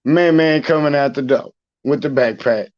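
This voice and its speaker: A man's voice: mid-range voice, normal speed, lo-fi sound. A man telling funny stories in casual chat, acting out quotes and laughing. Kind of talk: casual chat on a live stream.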